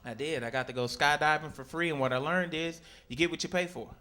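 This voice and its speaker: A man performing a stand-up comedy set on a club stage, telling animated stories and jumping into shrieking high voices for his characters. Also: fast, very noisy. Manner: animated storytelling, sudden high-pitched shrieks in acted quotes. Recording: live club recording with crowd laughter.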